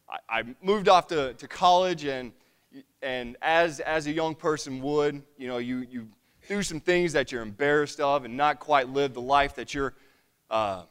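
Man, thirties, church testimony, clear resonant tone, halting restarts, earnest. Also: mid-range voice, a bit bright. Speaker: lay preacher giving testimony.

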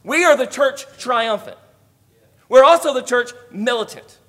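A man preaching a sermon, rising to emphatic, loud declarations and dropping to quiet asides. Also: very high voice, expressive, unhurried.

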